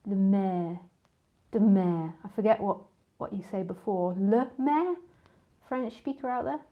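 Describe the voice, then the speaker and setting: A woman's voice: medium pitch, animated, a little slow, narrow, tinny audio. A woman spiritual teacher in a casual live talk with listeners, rambling and chatty, often laughing and drifting off on tangents.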